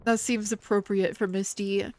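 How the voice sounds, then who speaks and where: A woman streaming a video game, talking to her chat, excitable and swearing often. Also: mid-range voice, moderate pace, slight background noise. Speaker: VTuber streamer. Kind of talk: gaming livestream chat.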